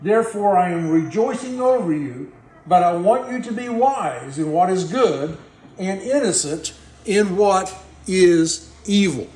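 A man's voice: sits high, lively intonation, measured pace, a little mellow, reverberant, rough recording. A man preaching a sermon, reading scripture aloud and pressing its points on his listeners in an earnest, emphatic way. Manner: earnest, emphatic, addresses the congregation directly.

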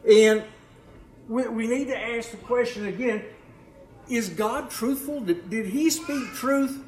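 High-voiced guy preaching, stumbles and repeats himself, roomy echo, faint hiss behind. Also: slow pace, a little mellow. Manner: repeats words, asks the congregation questions. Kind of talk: sermon. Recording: echoey room, faint background noise.

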